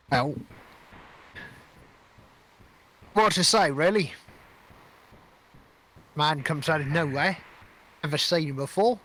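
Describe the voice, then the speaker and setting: A man's voice: on the high side, pushed and bright, exaggerated voice. A man voicing a cranky male ship captain who talks bluntly and grumbles. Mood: grumbling.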